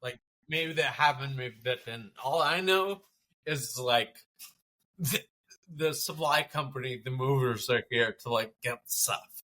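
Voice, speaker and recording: A man, a podcast guest, telling a personal story in a halting, conversational way with many restarts and fillers. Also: mid-range voice, sharp tone.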